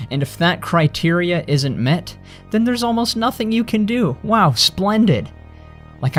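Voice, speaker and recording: A man's voice: mid-range voice, a little mellow. Profane, ranting young man. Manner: bitter, profane and sarcastic. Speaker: vlogger. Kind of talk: angry ranting monologue. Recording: faint music behind the voice.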